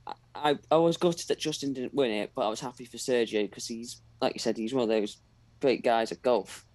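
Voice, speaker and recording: A man joins in on a live golf watch-along as a relaxed co-host. He sounds a little distant, picked up from further away from the microphone. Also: medium pitch, fairly quick, no echo.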